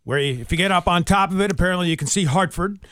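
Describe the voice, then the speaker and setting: A male news reader on a morning radio show, steady and informative, his voice a bit high for a man. The sound is close and dry from a studio mic. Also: quick pace, no echo. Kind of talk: reading local news on air. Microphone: radio studio microphone.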